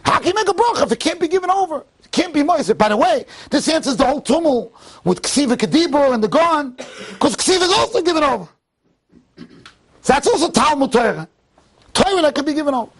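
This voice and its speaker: A man speaking as a rabbi at a tribute event, telling stories in an animated way with frequent restarts and Hebrew and Yiddish phrases. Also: extremely high pitch, fast. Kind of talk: tribute speech with storytelling. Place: event hall.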